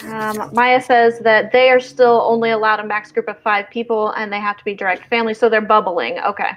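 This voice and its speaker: A woman's voice: medium pitch, fairly even intonation, brisk. A woman from Southern Indiana with a Midwestern twang, hosting a casual live stream and chatting while reading viewer comments aloud. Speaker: host of a writing stream.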